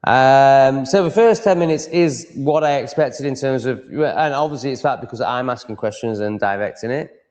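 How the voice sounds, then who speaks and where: A man's voice: medium pitch, normal speed, darkish tone. Rambling Yorkshireman in a reverberant room. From Yorkshire, England. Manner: rambling, self-interrupting, chatty. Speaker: livestream host. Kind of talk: casual livestream monologue.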